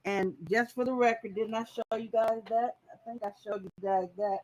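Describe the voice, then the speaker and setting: A woman's voice: on the high side, steady tone, moderate pace, a little mellow, rough recording. A woman hosting a casual live-stream quilting tutorial, chatting straight to her viewers as she goes.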